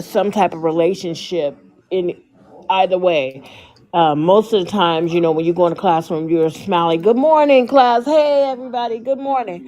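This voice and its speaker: Animated storytelling American woman. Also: on the low side. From United States. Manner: animated storyteller who acts out others' lines. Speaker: podcast co-host, school teacher. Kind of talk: casual chat.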